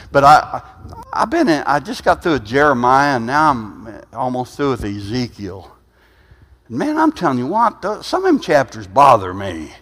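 A man in his sixties preaching an informal sermon, rambling and conversational with frequent "huh?" asides, swinging from quiet, low musing to loud, emphatic bursts. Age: 60s. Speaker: pastor. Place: church sanctuary. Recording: reverberant church hall.

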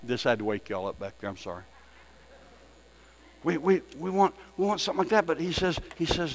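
A man preaching a sermon as pastor, folksy, repeating his phrases and swinging from loud to hushed. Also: medium pitch, big pitch swings, fairly quick, gravelly, long pauses, slight background noise. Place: church sanctuary. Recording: long reverb in a church hall with soft music behind.

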